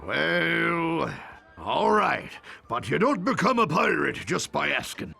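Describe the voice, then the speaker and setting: Gruff game pirate, gravelly and husky, swinging pitch. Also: male voice, very animated, takes it slowly, bright, forceful tone, soft background music, exaggerated voice. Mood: grumbling. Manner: grumbling pirate talk. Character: gruff tavern pirate, grumbling man.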